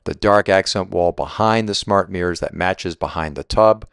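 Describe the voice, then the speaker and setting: A man's voice: deep voice, moderate pace, gravelly, fairly bright tone, clean tone, no room sound, studio quality. A real estate agent walking through a house and out to the pool, chatting enthusiastically about every feature and laughing at his own fumbles. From Southwest Florida resident. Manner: enthusiastic, chatty, self-deprecating, keeps saying right. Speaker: real estate agent giving a home tour. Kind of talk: walking home tour vlog.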